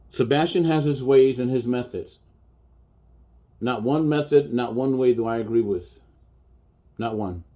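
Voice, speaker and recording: This is a man in his fifties, a chef, with a mellow, medium-pitched voice. In a personal video rant he speaks bluntly and defiantly, repeating his points to drive them home.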